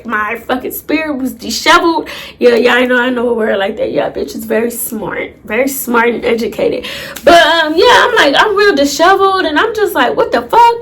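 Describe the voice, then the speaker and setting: Young woman, high voice; casual, dramatic storyteller who talks straight to viewers. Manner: animated, profane, dramatic retelling with asides to viewers. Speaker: storytime YouTuber.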